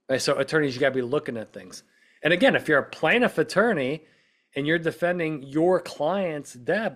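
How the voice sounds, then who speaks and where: A man's voice: a little high, animated, normal speed. A man hosting a podcast, explaining in a casual, conversational way and checking in with the listener as he goes. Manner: conversational, peppers points with "right?" and "okay?"; acts out quoted speech in short bursts. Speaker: podcast host, witness-prep consultant.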